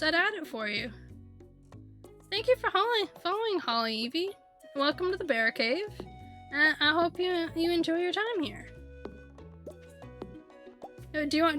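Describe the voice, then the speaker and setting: A woman's voice: very high-pitched, fairly bright tone. A woman streaming a game, chatting in a rambling, playful way with lots of fillers. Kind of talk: casual chat while streaming a game.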